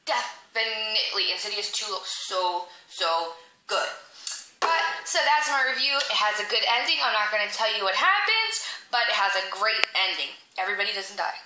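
A young woman, chatting to camera as she retells a movie and acts out the lines in quick little voices. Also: medium pitch, lively intonation. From Philadelphia. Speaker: vlogger reviewing a movie. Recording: echoey room, faint noise.

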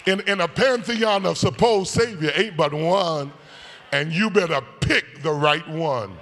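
Preaching bishop in a reverberant church. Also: male voice, on the high side, measured pace. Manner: call-and-response preaching, swinging from soft to shouted; sing-song whooping cadence. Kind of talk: sermon. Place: church sanctuary. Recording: long church hall reverb.

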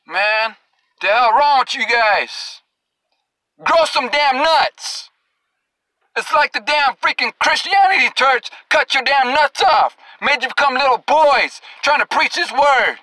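A man's voice: very high voice, expressive, measured pace, pushed and bright, no echo, low-quality recording. A male preacher delivering an angry, confrontational sermon, scolding and cursing at his listeners and drawing out scripture verses for emphasis.

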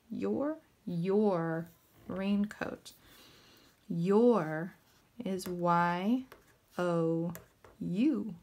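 A woman giving a recorded lesson to first graders, patiently spelling out words and encouraging them. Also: fairly low pitch. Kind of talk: recorded classroom lesson for children.

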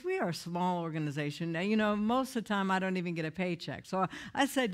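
A woman's voice: mid-range voice, animated, fast talker, hardly any pauses. A woman giving an earnest, candid recovery talk in a conversational way, often restarting her sentences. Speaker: recovery speaker.

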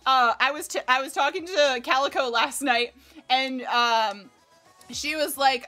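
A young American woman streaming a game in casual chat, excitable, swearing freely and laughing often. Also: high-pitched, moderate pace. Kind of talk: casual livestream gameplay chat. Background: faint game music.

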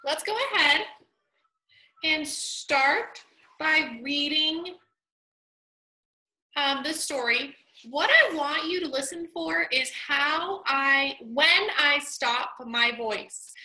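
A woman teacher reading a story aloud to young children, slowing down and pausing to show how punctuation works. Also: high-pitched, pushed and bright, roomy sound, poor audio. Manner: slow, deliberate reading aloud with exaggerated pauses.

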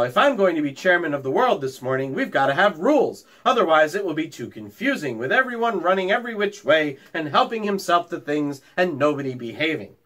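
A man reading aloud and voicing a tiny, self-assured mouse who teaches a class, in a crisp, bossy, matter-of-fact way. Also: on the high side, a bit bright.

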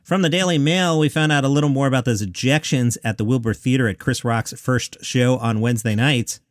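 A man's voice: mid-range voice, fairly quick, no room sound, clean studio sound. A man hosting a daily comedy news podcast, reading out quotes and adding wry asides. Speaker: podcast host.

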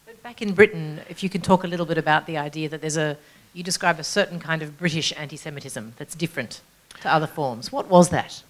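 A woman interviewing a guest on stage, gently steering the conversation with her questions. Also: low voice, fast talker. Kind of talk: live interview at a public event.

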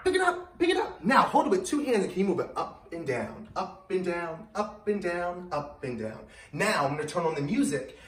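A man's voice: fairly high pitch, pushed and bright, a little hiss or hum. Young male kids' gym coach, bouncy sing-song delivery, roomy echo from a distance, music faintly behind. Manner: upbeat, coaxing kids to repeat phrases. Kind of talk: children's activity class. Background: music playing.

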